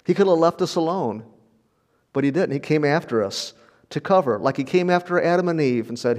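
A man's voice: on the high side, lively intonation, fairly quick, darkish tone. An older man preaching a sermon in a conversational, storytelling way, often repeating words and chuckling. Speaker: pastor.

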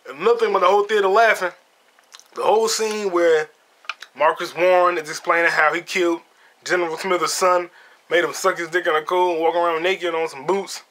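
A man's voice: sits high, a bit bright. A man hosting a podcast, retelling movie scenes in a casual, profane way and laughing as he goes. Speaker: podcast host. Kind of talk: casual solo movie review.

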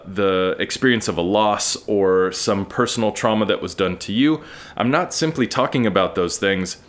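A man with a somewhat low voice hosts a solo podcast monologue. He speaks earnestly and frankly, reflecting out loud and tossing in casual swearing. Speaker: podcast host.

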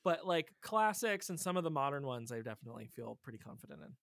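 A man's voice: a little high, sing-song, fast, creaky, a bit bright. A man co-hosting a casual podcast, answering quiz questions hesitantly and trailing off. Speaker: podcast co-host.

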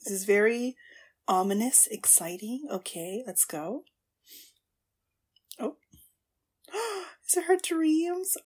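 Gushing high-voiced woman host. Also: slow pace, pauses often, husky. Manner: gushing, excitable, frequent gasps and exclamations; drops to hushed asides at tense moments. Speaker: podcast host. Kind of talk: live anime watchalong reactions.

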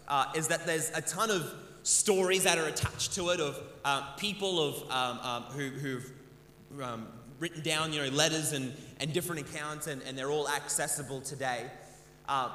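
Bright-voiced pastor in an echoey church. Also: male voice, on the high side, slight background noise. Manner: earnest, often repeats words as he restarts. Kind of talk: sermon. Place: church sanctuary. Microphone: handheld mic. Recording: echoey church hall with long reverb.

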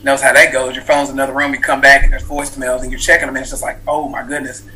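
A man in his thirties recounts a life-changing personal story as an interview guest. His voice sounds bright and forward. He talks earnestly and reflectively, full of fillers and restarts. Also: mid-range voice, completely flat delivery, racing, rough recording. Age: 30s. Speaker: guest, author.

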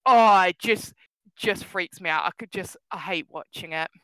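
A woman chatting casually as a podcast co-host, animated and laughing often, her voice jumping up when she gets excited. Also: on the low side, normal speed, no room sound, rough recording. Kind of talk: casual chat.

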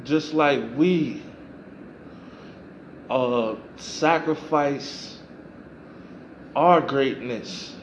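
A man's voice: mid-range voice, very slow, pauses often, slight background noise, rough recording. A man hosting a podcast, giving a reflective motivational monologue and repeating phrases for emphasis. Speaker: podcast host.

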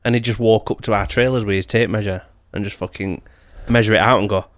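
A man's voice: on the low side, steady tone, fast talker, no echo, studio quality. A man with a Northern English accent, co-hosting a podcast with blunt, sweary banter. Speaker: podcast co-host. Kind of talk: casual chat.

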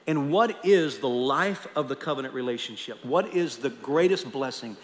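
Speaking at normal speed in an expressive, mid-range voice, a pastor delivers an emphatic sermon, repeating words to drive his points home. The long reverb of a large hall fills the recording.

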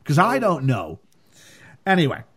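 A man co-hosting a relaxed film podcast, talking with his friends. His voice is lively and swoops all over the place, and he is quick to laugh between points. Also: slightly rough. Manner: animated, laughing, swings between high and low. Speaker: podcast co-host. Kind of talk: casual film discussion.

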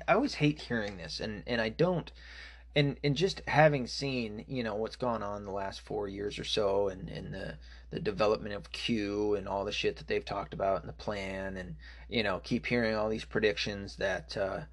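A man delivering an angry, profane political rant, full of fillers and restarts. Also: lowish voice. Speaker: political commentator.

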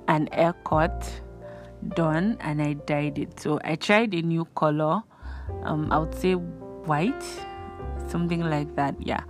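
A young Nigerian woman gives friendly life advice in a relaxed, chatty way, her speaking voice sitting a bit on the low side. She talks earnestly and often slips into little acted-out exchanges. Soft music plays faintly underneath. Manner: chatty, earnest, acts out little dialogues in a higher voice. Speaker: host. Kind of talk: casual advice talk.

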